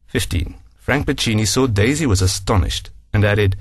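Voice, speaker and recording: A man's voice: on the low side, moderate pace, slightly rough, dry recording, studio quality. A man narrating a scripted story and announcing numbered sections. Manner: reads numbered sections aloud.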